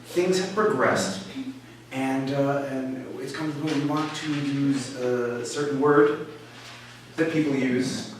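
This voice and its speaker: A man of middling pitch tells a comic story live before an audience, hesitant and full of fillers, with a wry, self-mocking manner. He sounds distant from the mic in a very echoey room. A faint hiss sits under the whole recording. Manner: halting, full of fillers and restarts. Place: small live venue with an audience.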